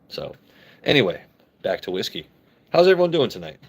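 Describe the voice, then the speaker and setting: A man with a somewhat low voice hosts a casual live stream. He jokes brashly and swears freely as he answers viewers' comments. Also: very animated, a little fast. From United States. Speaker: livestream host.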